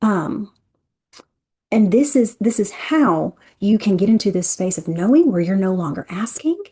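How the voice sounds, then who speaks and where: A woman leading an interactive energy workshop, talking in a chatty, expressive way and speaking straight to her listeners. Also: medium pitch, unhurried, breathy edge.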